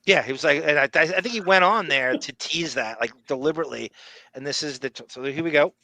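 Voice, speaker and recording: A man's voice: on the high side, fast, pushed and bright, no echo. A man hosting a live podcast, chatting and speculating as he reacts to a clip and to viewer comments. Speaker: podcast host. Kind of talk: casual live podcast chat.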